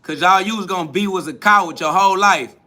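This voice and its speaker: A man's voice: high voice, fast, pushed and bright. A man hosting a live stream, boasting and trash-talking in a preachy, repetitive way, answering viewers' comments.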